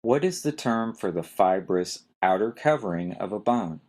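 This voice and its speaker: A man's voice: on the low side, animated, normal speed, a little mellow. A man teaching anatomy in a recorded lecture who spells out terms letter by letter and quizzes his listeners. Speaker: instructor.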